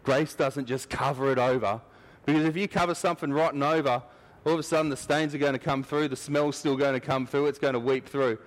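A man's voice: medium pitch, fairly even intonation, brisk, hardly any pauses. A man preaching a sermon in church, talking conversationally and acting out little scenes.

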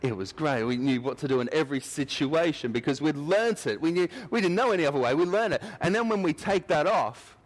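A man's voice: a little high, expressive, a little fast, few pauses. A man preaching a sermon in church, talking conversationally and acting out little scenes.

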